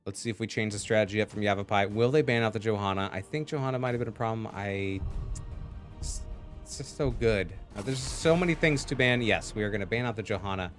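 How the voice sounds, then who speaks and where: A man's voice: lowish voice, quick pace, soft background music. A man casting a live video game match, with goofy, jokey asides between calls. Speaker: esports caster.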